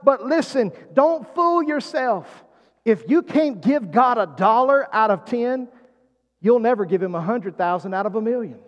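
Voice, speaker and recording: A man's voice: very high-pitched, animated, normal speed, muffled recording. A man preaching a sermon as pastor, drawing the congregation in with calls and questions. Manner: preaching with call-and-response prompts. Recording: long hall reverb.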